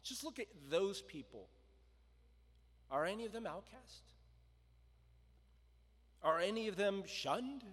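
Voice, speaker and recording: A man preaching a sermon, telling the story with lively voices for the crowd and stopping to ask his listeners questions. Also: high voice, takes it slowly, pauses often, husky. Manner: animated storytelling, acting out the crowd and quotes. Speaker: pastor. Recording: long reverb of a large hall.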